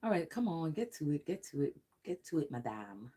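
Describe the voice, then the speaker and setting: A psychic tarot reader giving a casual livestream reading, rambling and excitable, often laughing and swearing. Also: medium pitch, brisk, husky.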